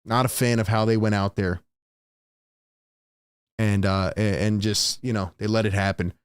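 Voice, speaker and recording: A man's voice: on the low side, steady tone, moderate pace, clean tone, no room sound, studio quality. A man hosting a live-stream sports commentary, ranting in exasperation to his chat. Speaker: sports talk host.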